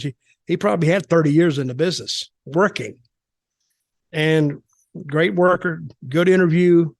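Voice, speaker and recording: In this storytelling interview, the podcast host is an older man whose tales ramble along in a folksy, colloquial style. He speaks at a fairly high pitch, recorded dry with studio quality.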